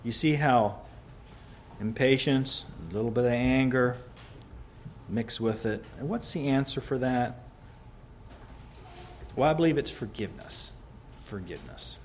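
Man preaching with loud emphatic swells. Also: mid-range voice, slight background noise. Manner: swings from loud emphatic peaks to quiet soft asides. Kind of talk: sermon.

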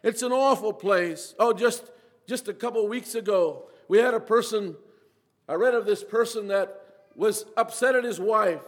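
A high-pitched man delivers a sermon with earnest conviction. He repeats his phrases and slows down to stress his points. His voice rings with a long hall reverb. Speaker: preacher.

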